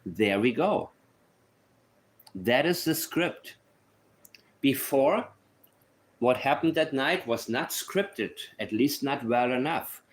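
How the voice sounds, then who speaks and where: A man's voice: medium pitch, expressive, takes it slowly, long pauses. A man giving casual commentary on a case. He is blunt and opinionated and thinks aloud as he goes. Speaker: true crime commentator.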